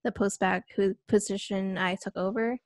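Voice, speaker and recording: A woman's voice: medium pitch, steady tone, moderate pace, no echo, clean studio sound. Hesitant young woman podcast host. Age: young adult. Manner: hesitant, lots of fillers and self-corrections. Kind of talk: casual podcast chat.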